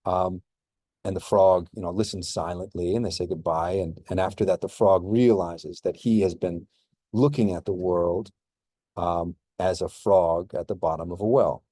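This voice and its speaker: A male history professor talks through a recorded course introduction in a low, mellow voice. He is relaxed and unhurried, full of ums and restarts, and the sound is dry and close to the mic. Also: dry recording. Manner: relaxed, many fillers and restarts.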